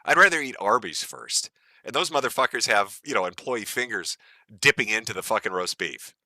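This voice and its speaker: A man's voice: fairly low pitch, big pitch swings, fairly quick, bright, forceful tone, dry recording, studio quality. A man from the United States hosting a live stream, ranting in a profane, mocking and gleeful way. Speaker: stream host.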